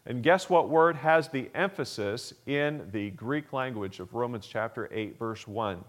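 A man's voice: medium pitch, lively intonation, a little slow. A male pastor preaching a sermon, explaining scripture with rising emphasis and frequent uh fillers.

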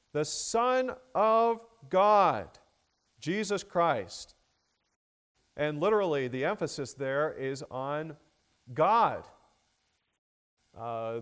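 Slow, measured male preacher. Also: on the high side. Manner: slow, measured delivery with many fillers, rising emphasis on key words. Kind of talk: expository sermon.

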